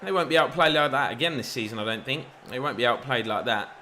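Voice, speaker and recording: A man giving chatty, excitable play-by-play commentary over a football video game. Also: mid-range voice, fast talker, a little hiss or hum. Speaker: gaming YouTuber.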